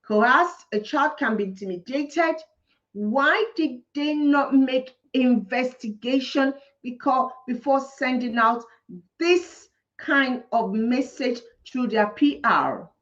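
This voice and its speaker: A woman, a teacher giving indignant, impassioned commentary, ranting and repeating her points for emphasis. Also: high voice. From Nigeria. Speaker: teacher and vlogger. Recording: dull lo-fi recording.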